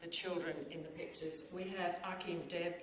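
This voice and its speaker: Woman MC at an awards event, lowish voice, prepared remarks, roomy hall sound. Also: flat delivery, normal speed, a little hiss or hum. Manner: reads prepared remarks with some fillers. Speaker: awards ceremony host. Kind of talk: formal presenting with ad-libs. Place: event venue on stage. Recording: echoey hall, faint ambience.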